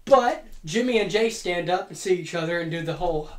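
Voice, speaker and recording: A woman's voice: fairly low pitch, lively intonation, fairly quick, background noise. A woman telling a playful, profane story in a casual monologue as a podcast host. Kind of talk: casual fantasy-booking monologue. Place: home room. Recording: echoey home room.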